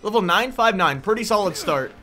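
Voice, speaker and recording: A young man giving excitable live commentary over his gameplay, yelping and laughing when caught off guard. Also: sits high, brisk, soft background music. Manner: excitable, yelps and laughs at sudden danger. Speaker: gaming YouTuber.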